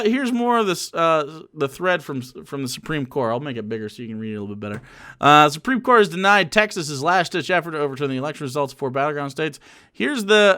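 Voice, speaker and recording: A man's voice: on the high side, pushed and bright, smooth, no room sound, studio quality. A young man streaming casual political commentary, sarcastic and mocking, with frequent fillers and chuckles.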